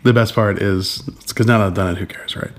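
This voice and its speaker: A young man with a voice rough from allergies, chatting in a casual vlog with dry, self-mocking banter. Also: on the low side, steady tone, fast. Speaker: vlog co-host. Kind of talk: casual chat.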